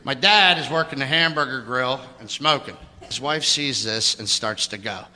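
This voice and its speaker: A man's voice: medium pitch, moderate pace, bright, forceful tone, long reverb tail. A man doing stand-up, telling a family story. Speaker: stand-up comedian.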